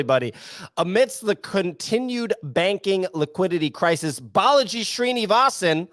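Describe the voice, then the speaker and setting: A man's voice: on the high side, fairly bright tone, no room sound, studio quality. A man hosting a casual podcast, reading news items in an upbeat, teasing way. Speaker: podcast host.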